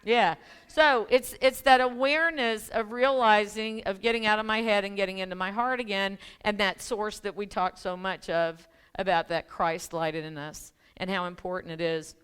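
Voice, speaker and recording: Chatty woman minister with a smooth voice. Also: mid-range voice, fairly even intonation, normal speed, a bit bright. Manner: chatty, laughing asides, many restarts and ums. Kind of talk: casual conversational sermon. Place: church sanctuary.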